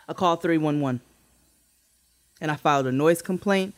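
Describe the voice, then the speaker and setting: A woman co-hosting a podcast who tells a story in a casual, animated way, swearing freely and acting out quotes in a much higher voice. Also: normal speed, pauses often, no room sound. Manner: animated, swearing, acts out quotes with big pitch jumps. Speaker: podcast co-host.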